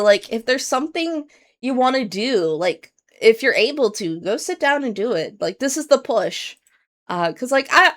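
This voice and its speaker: A woman streamer chatting casually to her viewers, rambling with many fillers and restarts, earnest and candid. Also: on the high side.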